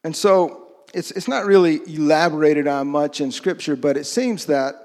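A man's voice: fairly high pitch, normal speed, a little mellow, big-room sound. A man preaching a sermon in a conversational way, often asking his listeners questions. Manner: conversational, asks the audience questions.

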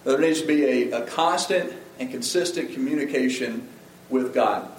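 A man's voice: mid-range voice, moderate pace, reverberant, slight background noise, poor audio. A middle-aged male pastor preaching a sermon in an earnest, conversational way, often restarting his sentences.

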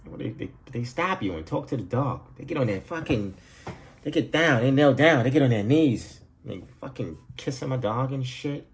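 Here an animated, medium-pitched man talks at a normal pace through a casual solo episode of his podcast from home. He rambles and swears freely, cracking himself up along the way.

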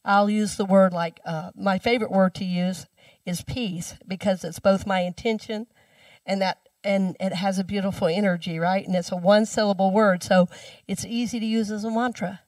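A woman minister giving a sermon in a chatty storytelling way, dropping her voice low when she repeats the mantra. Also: fairly even intonation, moderate pace, dry recording, far from the mic. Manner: conversational storytelling, speaks the mantra softly.

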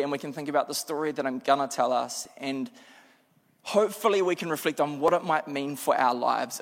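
A man with a New Zealand accent preaching a sermon as a lively, self-deprecating storyteller. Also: fairly high pitch. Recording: long hall reverb.

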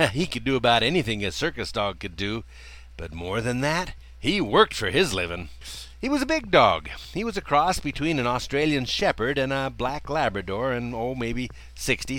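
An older man telling a personal childhood story in a folksy way, chuckling often as he talks. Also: dry recording. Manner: folksy, chuckling often, lively swings in pitch.

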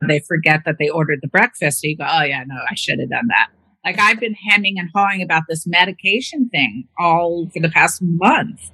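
A woman with a slightly husky voice tells stories about caring for her mother in a loose, conversational way. She acts out the voices of the people she quotes, and the recording is close and dry. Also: on the low side, expressive, a little fast, bright, forceful tone, no room sound. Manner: chatty storytelling, acting out quoted voices. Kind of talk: casual conversation.

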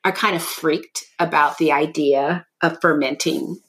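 This woman co-hosts a podcast in an unhurried, steady manner, her low voice fairly bright. She chats casually, working through her thoughts in long, rambling sentences.

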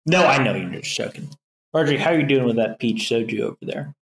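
A man's voice: medium pitch, fast. A man co-hosting a podcast in casual chat. He is a bit tipsy and rambles, swearing freely and laughing often. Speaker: podcast co-host.

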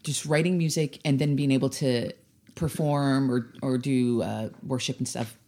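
A woman's voice: rumbling low, steady tone, moderate pace, dark tone. A woman who is a guest on a podcast, chatting casually and laughing playfully. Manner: playful, giggly. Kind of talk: casual chat.

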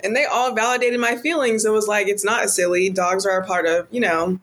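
A woman's voice: medium pitch, brisk, a bit bright, breathy edge. Woman, young adult, podcast co-host, chatty, rambling, filler-heavy storytelling. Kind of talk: casual podcast chat.

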